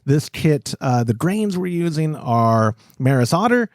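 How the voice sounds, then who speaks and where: Lively, high-spirited male podcast host. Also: a little slow, dry recording, studio quality. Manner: animated, laughs often, rambling self-corrections. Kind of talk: casual podcast chat with sponsor plugs.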